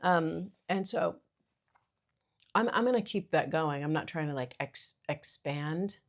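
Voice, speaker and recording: A woman's voice: low-pitched, lively intonation, measured pace. A woman in her thirties hosting a casual solo podcast, rambling and self-deprecating with lots of fillers. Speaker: podcast host.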